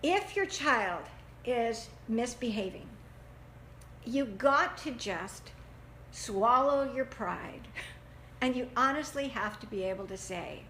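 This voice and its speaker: A woman gives an animated parenting talk to a class, acting out the people she quotes. Her voice sits a little higher than most women's. The room is echoey, with a faint hum of ambience behind her. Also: slow. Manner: animated, acts out quotes in voices, laughs often. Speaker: parenting teacher.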